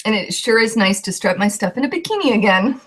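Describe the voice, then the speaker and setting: A woman's voice: a little high, animated, fast talker, a bit bright. A young woman, a coach, telling her personal story with heartfelt emotion and a voice that shakes at times.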